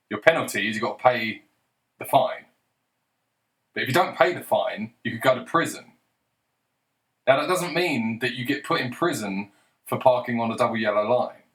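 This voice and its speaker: A man's voice: medium pitch, a bit bright. A man giving a blunt, combative political commentary monologue, swearing often and arguing with rhetorical questions.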